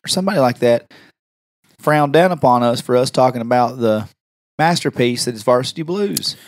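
Animated male podcast co-host. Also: medium pitch, moderate pace, no room sound. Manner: animated storyteller, relaxed. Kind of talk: casual chat.

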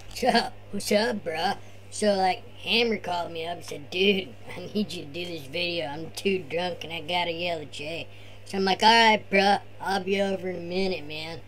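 A man's voice: sits high, steady tone, moderate pace, fairly bright tone. A man voicing his laid-back surfer-dude cousin, who drawls slacker talk and tags bruh and man onto every line.

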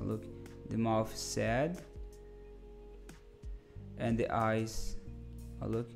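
A man hosting a casual live-stream design lesson, chatty and full of restarts, calling viewers "my friend". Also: medium pitch.

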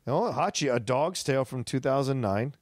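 An enthusiastic man co-hosting a casual podcast, thinking aloud and correcting himself as he goes. His voice sits at a middling pitch and sounds dry and close, with no room around it. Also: animated, normal speed, no echo. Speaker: podcast co-host. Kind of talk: casual chat.

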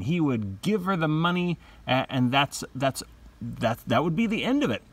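A male teacher talks through a literature lesson in an animated way, acting out lines from the text as he goes. His voice sits a little high for a man and swings widely up and down in pitch. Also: unhurried, breathy edge, no echo. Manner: animated, acts out quotes.

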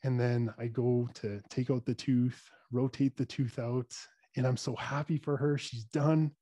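A man's voice: mid-range voice, fairly even intonation, normal speed, warm tone, no room sound. A man telling a story as a dentist guest on a podcast, earnest and talking with fillers and restarts. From Canada.

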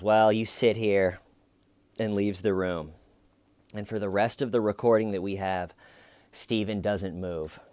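A man's voice: fairly low pitch, smooth, no room sound. A man giving casual true crime commentary, musing aloud in a wry tone with hesitant restarts.

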